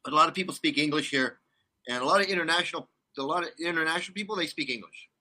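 Bright-voiced man in his sixties. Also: a little high, very fast. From California, US. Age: 60s. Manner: rambling, animated storytelling with restarts. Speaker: guest. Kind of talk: casual interview chat.

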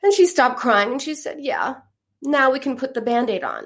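A woman's voice: high-pitched, sing-song, moderate pace. A middle-aged woman therapist talking through feelings in a counseling conversation, explaining with stories and acting out the voices she quotes.

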